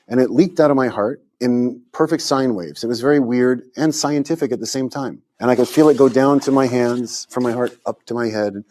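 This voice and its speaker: A man's voice: medium pitch, warm tone. Man, interview guest, earnest testimony, ordinary mid-range voice, stammers a little. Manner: earnest storytelling with stammered repeats and quoted inner thoughts.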